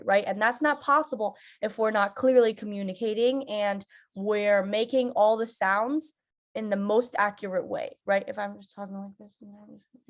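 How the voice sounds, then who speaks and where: A woman teaching an online theatre lesson, leading rhythmic nonsense-syllable chants and talking directly to young students. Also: mid-range voice.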